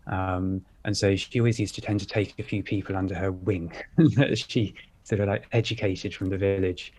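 A man co-hosting a podcast, telling measured anecdotes with pauses. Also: fairly low pitch, fairly even intonation, darkish tone. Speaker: podcast co-host. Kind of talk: casual podcast chat.

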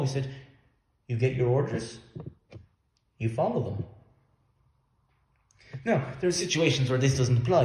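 Earnest preacher man, mellow voice, echoey room. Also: medium pitch. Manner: earnest, emphatic, with repeated words. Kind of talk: sermon.

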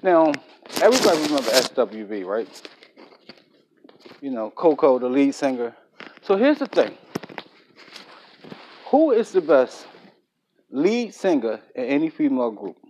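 A man's voice: medium pitch, big pitch swings, a little slow, long pauses, a little mellow, slight background noise, poor audio. A man hosting his own podcast in a casual, slangy and boastful monologue, recording while he works. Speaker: podcast host.

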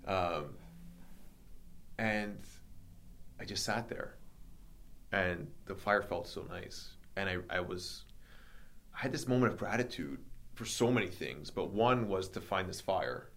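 A man hosting a podcast, telling a personal story in casual chat, animated and acting out the dialogue with many fillers. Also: low-pitched, measured pace, pauses often.

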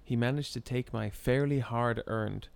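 A man telling a story in casual chat, animated and often breaking into laughter. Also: medium pitch, unhurried, vocal fry, clear, resonant tone, dry recording.

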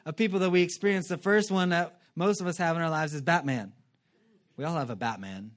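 A male pastor preaching to his congregation in an animated, joking way. His voice sits a bit high for a man, and he slips into quick impressions as he goes. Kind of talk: sermon.

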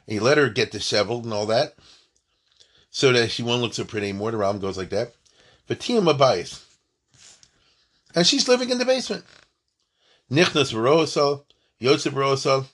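Husky man teaching with joking asides. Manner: joking, rhetorical questions, big swings in pitch and loudness. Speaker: teacher of Jewish law. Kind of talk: lively classroom lesson reading and explaining a text.

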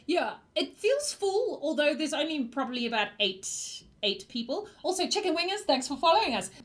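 A woman narrating a tabletop role-playing game as game master, chatty and quick to laugh, thanking viewers between scenes. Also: high-pitched, very animated.

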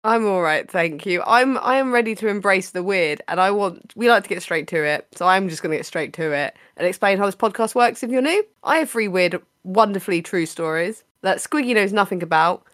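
A woman's voice: medium pitch, expressive, fairly quick, few pauses, a bit bright, dry recording, clean studio sound. A woman hosting a podcast, chatting casually with her co-host in a playful, teasing way, laughing often.

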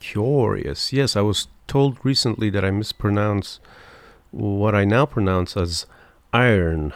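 A man's voice: on the low side, unhurried, clean tone, no echo. A man who is not a native English speaker co-hosting a casual podcast chat, dryly teasing about pronunciation. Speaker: podcast co-host.

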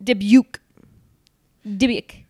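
A woman's voice: mid-range voice, fairly even intonation, extremely slow, darkish tone, slightly rough, no room sound, studio quality. A woman hosting a casual chat, reading out stories in a loose, joking way with fillers and asides. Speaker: podcast host.

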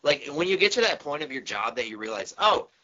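Man ranting in lively, sharp tones. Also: a little high, a little fast, dull audio. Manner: profane, exasperated ranting. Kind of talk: casual chat.

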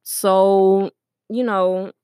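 This young podcast host talks through her reflections very slowly, with a medium pitch, a level tone and a dark, smooth quality. She's earnest and casual, saying um and you know a lot, and she records at the store where she works. The audio is dry and studio quality.

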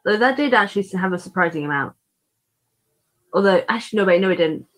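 A female podcast co-host chats casually in an animated, mid-range voice at a quick pace. She rambles and giggles often, filling her speech with "like" and "um."

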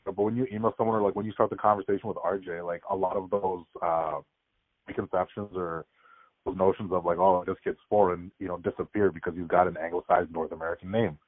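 Guest voice: fast, lower young man, tinny call audio, dry. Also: steady tone, dry recording. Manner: rapid storytelling, frequent "like" fillers. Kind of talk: casual podcast chat. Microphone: remote call.

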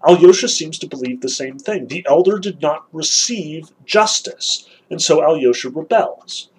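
A man giving an earnest, emphatic literature lecture, stressing key points with occasional restarts and a husky voice. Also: a little high, expressive, normal speed, a little hiss or hum, rough recording.

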